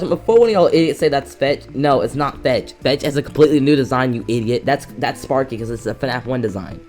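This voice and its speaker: A young man giving a casual movie review on camera, excitable and rambling, often restarting his sentences. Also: on the high side, fast, faint music behind. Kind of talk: casual reaction rant. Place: indoors, filming himself.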